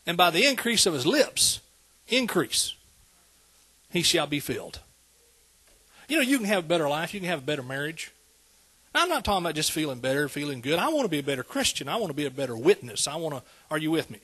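A man's voice: on the high side, big pitch swings, fast talker, bright, forceful tone, breathy edge. A man preaching a sermon, conversational and calling out to the congregation. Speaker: pastor.

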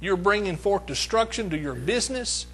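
A man's voice: high voice, lively intonation, normal speed, fairly bright tone, a little hiss or hum, poor audio. A middle-aged man preaching a sermon, emphatic, repeating his phrases and calling out to the congregation.

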